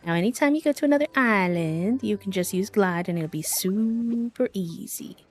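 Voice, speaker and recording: A woman voicing a sleepy, gentle flying creature from a game, reading its lines in a soft, drowsy, friendly way. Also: medium pitch, lively intonation, moderate pace, close to an everyday voice. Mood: cheerful. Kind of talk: reading game dialogue aloud.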